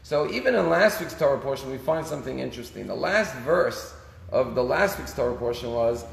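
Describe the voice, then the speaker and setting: A rabbi giving a casual daily sermon, telling stories and using Hebrew phrases. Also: male voice, mid-range voice, animated, a little fast, creaky, a little hiss or hum. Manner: conversational storytelling, Hebrew phrases. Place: synagogue sanctuary. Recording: echoey synagogue hall.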